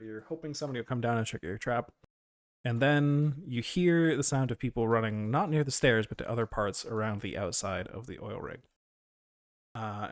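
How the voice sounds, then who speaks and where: A man narrating as game master of a tabletop role-playing game, relaxed, with many fillers and frequent laughs. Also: mid-range voice, dry recording.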